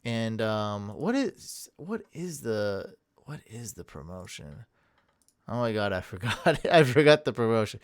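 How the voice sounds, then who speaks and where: Casting: man, podcast host, energetic, rambling, smooth voice, dry close sound. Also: fairly low pitch, a little slow, no echo. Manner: energetic, rambling, laughs at himself. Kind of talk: casual chat.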